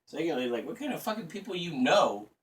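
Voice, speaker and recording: A man's voice: fairly high pitch, sing-song, brisk, a bit bright. A man in his thirties ranting casually in a crude, profane, rambling and sarcastic way. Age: 30s. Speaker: vlogger. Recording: voice a bit distant from the mic.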